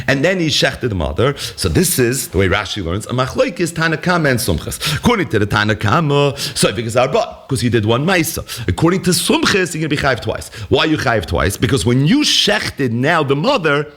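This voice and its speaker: A man's voice: mid-range voice, fairly bright tone. A man teaching a daily Talmud lesson, explaining step by step and asking and answering his own questions.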